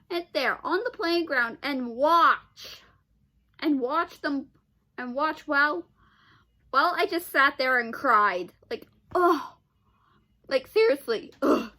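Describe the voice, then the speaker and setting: A woman's voice: sits high, lively intonation, slow pace, pushed and bright. A woman vlogger telling a personal story in a casual, rambling way, full of restarts, sighs and exasperated "ugh"s.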